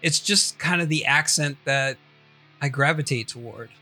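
A man's voice: on the high side, moderate pace, bright, forceful tone, faint music behind. A man co-hosting a podcast, easygoing and laughing often in loose, swearing chat. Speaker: podcast co-host. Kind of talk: casual profane chat.

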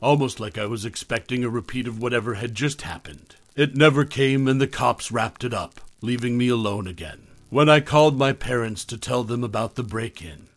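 A man reading a first-person horror story aloud in a measured, low-key way. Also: no echo.

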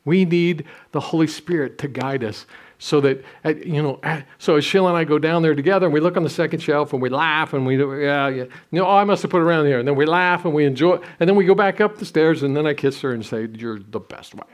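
Older pastor guy, kinda high voice, preaching w/ funny stories. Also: fast. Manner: storytelling, self-deprecating humor, frequent restarts. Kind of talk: sermon.

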